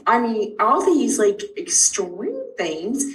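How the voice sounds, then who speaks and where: A middle-aged woman telling a personal story about her child's illness, acting out each exchange with big jumps in pitch. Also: slow, a little hiss or hum. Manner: animated, acts out dialogue with big pitch jumps. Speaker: parent of a sick child. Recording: roomy sound from a distant mic.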